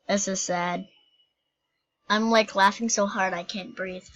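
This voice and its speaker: Slow-talking playful woman gamer. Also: mid-range voice, steady tone, fairly bright tone, highs cut off. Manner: playful and giggly, silly jokes. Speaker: gaming YouTuber. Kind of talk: gameplay commentary.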